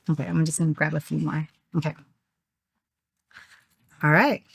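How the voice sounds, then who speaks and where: Casting: young woman podcast host, slightly low voice, giggly and teasing, dry close recording. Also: steady tone, unhurried, gravelly, breathy edge, no room sound. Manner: giggly, teasing, laughs often. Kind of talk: casual podcast chat.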